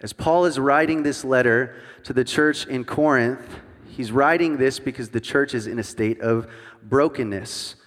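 A man in his thirties delivers a sermon as a guest worship pastor, mixing personal stories with self-deprecating jokes for the congregation. His voice sits at a middle pitch, and a long reverb from the large church hall trails his words. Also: a little slow, fairly bright tone. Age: 30s. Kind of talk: sermon with humorous storytelling. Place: church sanctuary before a congregation.

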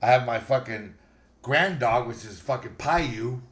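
A middle-aged man rambles through a story with blunt, foul-mouthed energy. His voice sits at an ordinary pitch for a man. The room around him sounds echoey. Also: a little slow, fairly bright tone. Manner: brash, heavily profane, rambling. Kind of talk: casual podcast banter and storytelling.

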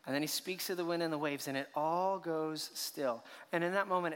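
A man's voice: a little high, lively intonation, fairly quick, few pauses, fairly bright tone. A man preaching a sermon as a pastor, telling the story with rhetorical questions and acted reactions. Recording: long hall reverb.

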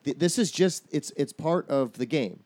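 A man's voice: a little high, expressive, normal speed, a little mellow, dry recording. Man musing through his theories. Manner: thoughtful, explains theories at length with restarts. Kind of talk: casual chat.

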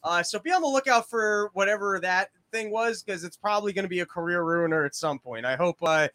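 A man with a high, bright voice rambles through profane comic rants. He is hosting a casual podcast from a small shed studio. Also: brisk. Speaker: podcast host.

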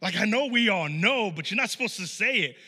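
A man delivers a casual, animated sermon from the pulpit, his voice pitched high and ringing very bright. He talks like he's chatting with friends, full of "like" and quick restarts, acting out what people say. The church hall adds a long, lingering reverb. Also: husky. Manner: animated storytelling with playful acted-out quotes; casual speech with many "like" fillers and restarts. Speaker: pastor. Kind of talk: conversational sermon. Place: church sanctuary.

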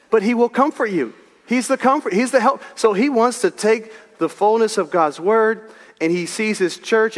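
Animated preacher man, echoing hall. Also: a little high. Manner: animated, conversational preaching with humor. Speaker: pastor. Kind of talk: sermon.

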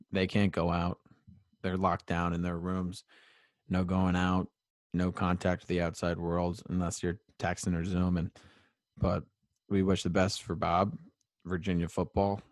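A man's voice: sits low, no echo. A young man out of breath after climbing stairs, rambling through the end of his solo sports podcast with lots of fillers. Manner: rambling, filler-heavy, self-deprecating.

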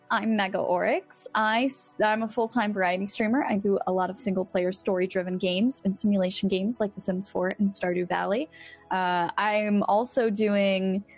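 A young woman streamer chatting casually as she wraps up a show, upbeat and a little scatterbrained, losing her train of thought. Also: medium pitch. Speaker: streamer, tabletop game player.

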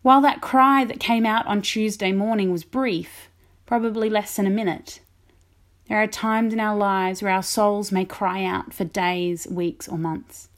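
A woman vicar giving a reflective, measured sermon. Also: mid-range voice.

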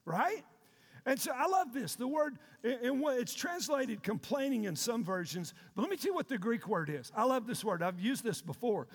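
High-voiced shouting preacher in a hall. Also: male voice, very animated, moderate pace, slightly rough. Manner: preaching with loud shouted call-and-response. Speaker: pastor. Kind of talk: sermon. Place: church sanctuary. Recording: long reverb of a large hall.

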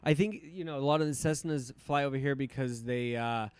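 A man hosting a podcast, chatting casually with his guest in an upbeat, giggly way, full of quick interjections. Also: medium pitch, a little mellow, smooth, no echo. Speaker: podcast host.

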